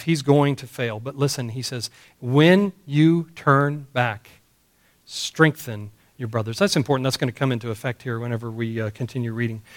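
A man's voice: fairly high pitch, fairly bright tone. A man preaching a sermon in an emphatic way, repeating key phrases and asking the congregation rhetorical questions. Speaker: pastor. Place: church service.

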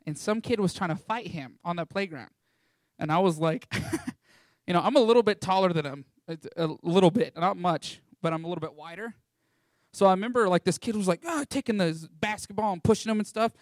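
This young man from Texas, a ministry school student giving his testimony, tells a personal story to an audience with animation, acting out the voices of those involved. His voice is high and brisk, and the recording is dry.

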